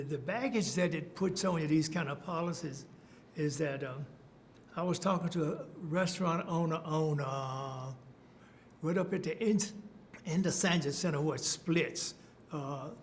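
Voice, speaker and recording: Older man, oral history storyteller, slightly high voice, light hum of background noise. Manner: storytelling, chuckling, many fillers and restarts. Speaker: interviewee.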